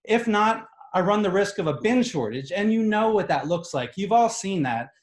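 Before a live audience, a man tells a comic story with animated exasperation at a moderate pace. His voice is slightly high for a man and presses hard on each point. The echoey room adds a distinct echo.

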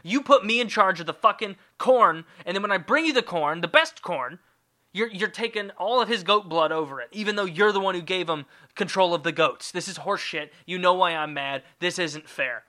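A man puts on a raised, whiny voice for a resentful young man, bitter and indignant, griping in a bright, sharp tone. He sounds pitched up and petulant. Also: normal speed.

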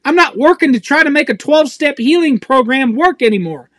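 Intense male preacher, very high bright voice, dry close sound, raw and pleading. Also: expressive, fairly quick, dry recording. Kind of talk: emotional sermon to camera.

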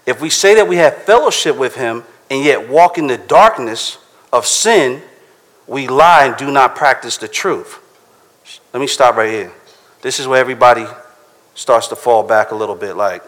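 A pastor, preaching a conversational sermon and reading scripture aloud slowly. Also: male voice, medium pitch, a bit bright.

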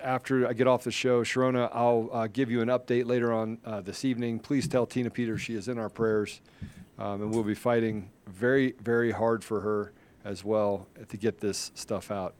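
A man's voice: fairly low pitch, flat delivery, moderate pace. A middle-aged man hosting a political podcast, talking with fervor and frequent restarts. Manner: fervent, rambling, with many restarts, rising to rally-style shouting. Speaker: podcast host. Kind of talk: casual political talk show.

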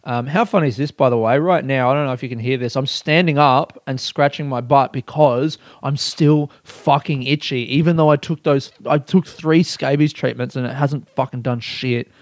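A man's voice: mid-range voice, moderate pace, hardly any pauses, dry recording, studio quality. A young man hosting a solo podcast, rambling candidly, swearing freely and laughing at himself. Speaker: podcast host.

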